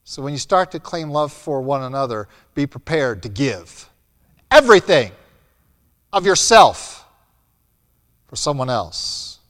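A man preaching a sermon as pastor, blunt and emphatic, swinging between loud and soft. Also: mid-range voice, expressive, measured pace. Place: church hall. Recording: long hall reverb.

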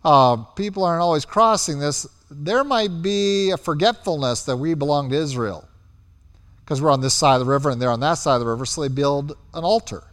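A man preaching a sermon, telling the story with animated delivery and acting out quotes as he goes. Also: a little high, brisk, big-room sound.

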